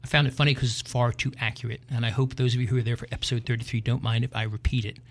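A middle-aged man at an ordinary mid-range pitch, ranting emphatically on his own show. He wanders into wry asides and then pushes his point home. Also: level tone, very fast. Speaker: podcast host. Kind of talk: opinion rant monologue.

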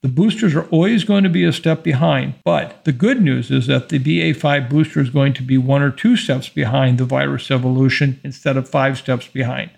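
Man, very gravelly voice, mid pitch, measured, emphatic, podcast commentary. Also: fairly even intonation, a little mellow. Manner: measured, emphatic, reads quoted passages aloud. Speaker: podcast host discussing infectious disease. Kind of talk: explanatory monologue, reading from an article.

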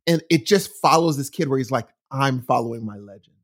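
A man chatting casually, recommending a book in a rambling, animated storytelling way with many restarts. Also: mid-range voice, brisk. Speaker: guest sharing a book recommendation. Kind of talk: casual chat. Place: from California.

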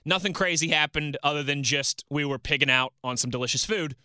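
Male sports talk host, very bright, slightly high voice, dry close studio sound, chatty. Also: a little fast, clear, resonant tone, dry recording. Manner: chatty, reads listener tweets and banters. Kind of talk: solo sports talk radio.

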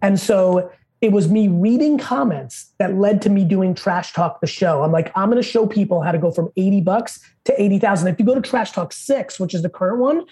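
A man as a podcast guest, telling stories in a fast, profane, high-energy way. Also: mellow, breathy edge. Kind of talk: casual interview storytelling.

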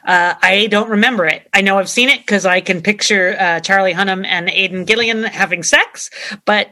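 A woman co-hosting a casual TV review chat, emphatic and quick to exclaim. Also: medium pitch, sharp tone. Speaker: podcast co-host.

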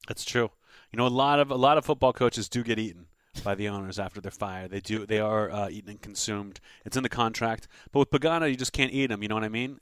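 A man's voice: lowish voice, fairly even intonation, fast talker, clear, resonant tone, no echo. A man co-hosting a podcast, riffing in rambling comedic chat. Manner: rambling, joking riffs. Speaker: podcast co-host.

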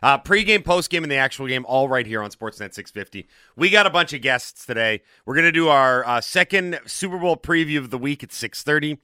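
A man hosting a morning sports radio show in a studio, talking in a quick, joking and upbeat way. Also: medium pitch, lively intonation, bright, forceful tone, no echo. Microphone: studio broadcast microphone.

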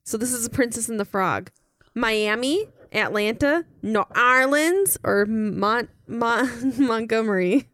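A woman's voice: fairly high pitch, a little slow, a bit bright, no room sound. A woman hosting a casual family trivia chat, playfully reading out multiple-choice questions to her children. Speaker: podcast host quizzing her kids.

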